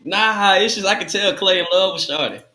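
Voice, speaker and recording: A man's voice: sits high, a little fast, bright, forceful tone. A man from the Bay Area co-hosting a casual sports chat show, talking in a laid-back, joking way. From Bay Area, California. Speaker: co-host. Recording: roomy echo.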